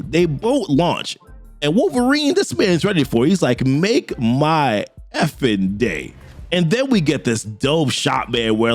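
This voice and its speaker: A young man eagerly recapping a comic book in slangy, hyped casual talk. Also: fairly high pitch. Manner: hyped, slangy, laughs along.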